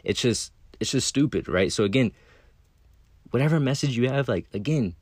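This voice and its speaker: A man's voice: mid-range voice, expressive, normal speed, a little mellow, husky, no room sound. A young man talking to camera in a casual monologue, blunt and profane, full of fillers and restarts. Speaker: video creator.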